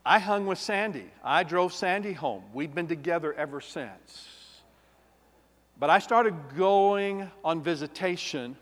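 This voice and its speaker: A man, a pastor giving an emotional personal testimony, swinging between loud and hushed. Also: sits high, animated, unhurried. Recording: long reverb of a large hall.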